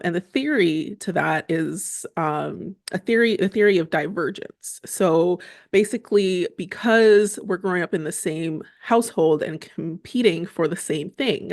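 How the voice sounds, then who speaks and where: Here the same family-podcast co-host talks in a lowish register, laughing easily and filling her casual chat with fillers. The recording is clean studio audio without any echo.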